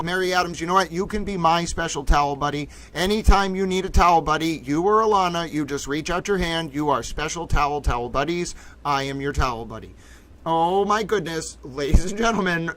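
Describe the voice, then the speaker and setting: A man hosting a live stream, talking in an excited, breathless way and repeating himself. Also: fairly high pitch, rough recording. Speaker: livestream host.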